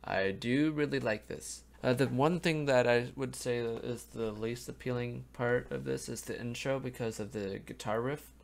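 A man's voice: medium pitch, steady tone, moderate pace, creaky, few pauses. A young man giving casual, rambling commentary on music for a reaction video, sleepy and yawning, often trailing off into ums and restarts. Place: home room in front of a webcam. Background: faint music playing.

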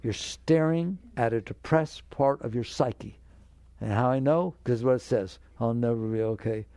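A man's voice: medium pitch, measured pace, mellow, no room sound. A man giving a spiritual talk to an audience, emphatic and direct, often asking rhetorical questions. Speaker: spiritual teacher.

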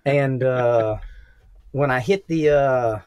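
A man's voice: medium pitch, slow, clean tone, no room sound. A young man with a Southern US accent, telling wild stories as a podcast guest, swearing a lot and laughing often. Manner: profane, animated storyteller, laughs often. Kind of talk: casual storytelling interview.

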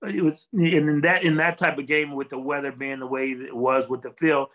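An older man with a bright, forceful voice, pitched a little high, talks through his memories in an easy interview. He is earnest and reflective and often restarts his sentences. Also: flat delivery, fairly quick, low-quality recording. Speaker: former football player, guest. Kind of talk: casual interview chat.

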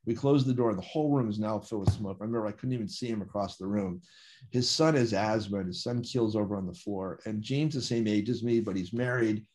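A man telling a gripping first-person story in an animated, vivid way, acting out quoted dialogue. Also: fairly low pitch, quick pace. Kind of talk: conversational storytelling.

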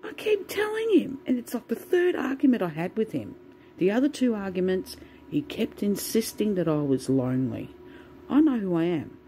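A woman's voice: medium pitch, big pitch swings, normal speed, mellow, a little hiss or hum, poor audio. A woman venting in a casual, swear-filled monologue to the camera. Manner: swears a lot, ranting. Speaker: vlogger.

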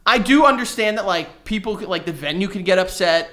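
Animated, swearing young man chatting. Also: sits high, a little fast. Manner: animated storytelling, swears a lot. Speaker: podcast co-host. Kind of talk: casual chat.

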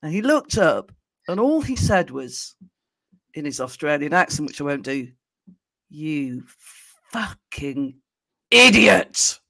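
A woman's voice: low voice, very animated, normal speed, no echo. Chatty woman host, dry sound. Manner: anecdotal, laughs often, hesitant fillers. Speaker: podcast host. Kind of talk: casual chat.

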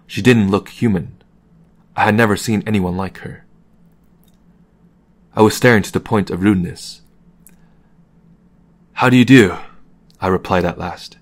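A man reading a novel aloud as an audiobook in a calm, measured narration. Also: fairly low pitch. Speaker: audiobook reader.

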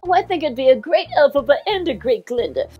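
A woman voicing a scatterbrained older showbiz diva in a comic impression, talking in an excitable, rambling, gushing way. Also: high voice, fast talker, lo-fi sound, over music. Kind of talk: comic celebrity impression monologue.

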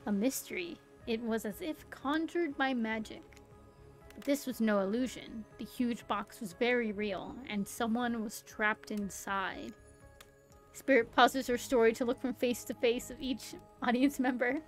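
Young girl streamer doing dramatic story narration, kinda high voice, little music in the back. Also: unhurried, rough recording. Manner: theatrical narration broken by giggly asides. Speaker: streamer reading game story text. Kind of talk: dramatic read-aloud with asides. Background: faint background music.

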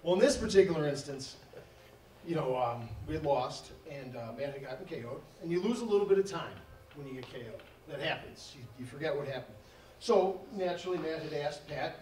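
A man's voice: on the high side, expressive, a little fast, a little mellow. Man telling a fight story in an echoey hall. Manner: rambling, laughing, acts out quoted dialogue. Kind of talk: casual storytelling to a live audience. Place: event hall. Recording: echoey hall, distant mic, faint noise.

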